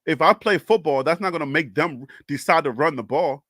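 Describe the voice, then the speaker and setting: Animated Liberian man, high bright voice. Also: fairly quick, no room sound, studio quality. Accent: Liberian English. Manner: animated and exasperated, repeats questions. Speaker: sports talk live-streamer. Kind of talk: live stream, answering chat comments.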